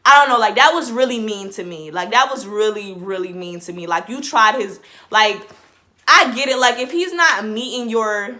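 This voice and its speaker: A woman's voice: mid-range voice, normal speed, pushed and bright. A woman vlogger giving a casual reaction commentary. She talks in a rambling, chatty way, says "like" in almost every phrase and often restarts her sentences.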